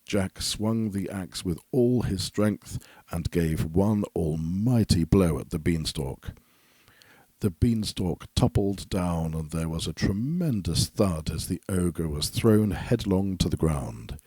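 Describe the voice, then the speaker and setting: Deep husky male storyteller. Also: animated, slow, mellow, no room sound. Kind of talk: storybook narration.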